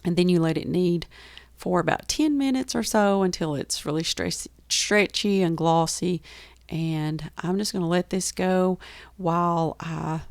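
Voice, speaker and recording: A woman with a rural Southern US accent talks through her baking day in a casual, chatty voice-over. Her voice sits a little low and has a gravelly fry to it. It is recorded close and dry, with almost no room sound. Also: a little slow, no echo. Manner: chatty and enthusiastic, laughs easily. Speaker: homestead baking vlogger.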